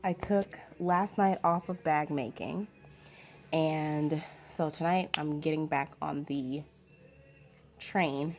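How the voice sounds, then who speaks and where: Low-voiced woman chatting casually. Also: steady tone, takes it slowly, darkish tone. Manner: chatty, rambling with fillers. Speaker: vlogger. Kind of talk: casual chat. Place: home.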